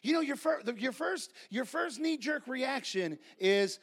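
A man preaching a sermon, telling folksy stories and building to repeated, shouted refrains. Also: very high-pitched, animated, unhurried, breathy edge. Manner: folksy storytelling.

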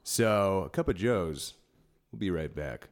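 A man's voice: sits low, lively intonation, measured pace. A man co-hosting a casual podcast, joking and trading quips. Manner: joking interjections. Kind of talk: casual chat.

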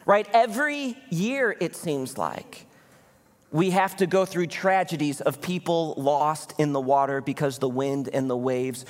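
High-voiced male pastor in an echoing church. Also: unhurried. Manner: animated, conversational, acts out voices in Bible stories. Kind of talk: sermon.

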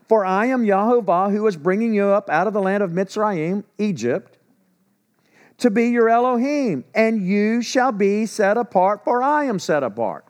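Male pastor, slightly high voice, animated sermon with sarcastic asides. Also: normal speed. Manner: animated preaching, drops to quiet asides when telling stories; sarcastic humor.

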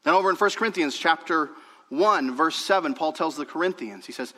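A young male pastor preaches a sermon in a church sanctuary, his voice high for a man and notably bright. He builds to emphatic, raised passages, then drops to quiet, hushed stretches. The sound carries a long hall reverb. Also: fairly quick.

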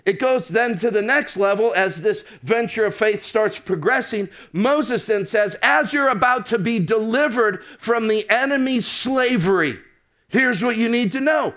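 A man preaching a sermon, reading scripture and slowing down and rising for emphasis. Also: sits high, a bit bright.

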